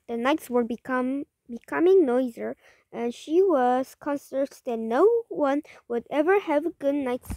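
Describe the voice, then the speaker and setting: A woman's voice: high voice, darkish tone, dry recording. A woman reading a children's story aloud, stumbling and correcting words as she goes. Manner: halting, rereads and corrects words. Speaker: storybook reader.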